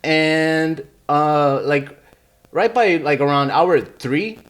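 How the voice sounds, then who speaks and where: A man with a somewhat high voice speaks slowly as a podcast guest, telling his own story in casual conversation. He rambles, uses plenty of fillers, and swears, all in a podcast studio.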